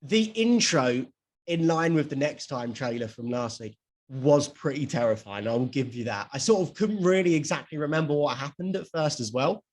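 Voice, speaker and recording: A young man co-hosting a podcast in casual chat, chatty and quick to laugh, swearing now and then. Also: medium pitch, lively intonation, a little mellow. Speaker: podcast co-host.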